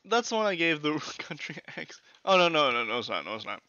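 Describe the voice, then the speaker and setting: A young man gives excitable, casual let's-play commentary with a lively, swinging pitch and a bright, forceful voice. He swears freely, and a lo-fi mic dulls the sound. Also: a little fast, no echo. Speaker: gaming streamer. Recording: lo-fi old mic.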